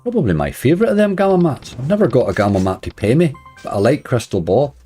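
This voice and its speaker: A man's voice: medium pitch, very animated, fast, breathy edge, soft background music. A man chatting casually on a live stream, greeting viewers and joking wryly while he plays. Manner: wry, laughs softly at his own remarks.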